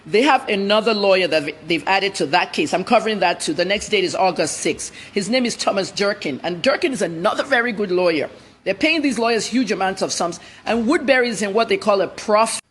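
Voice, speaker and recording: A woman's voice: mid-range voice, lively intonation, brisk, a little hiss or hum. A woman journalist answering interview questions in a blunt, emphatic way.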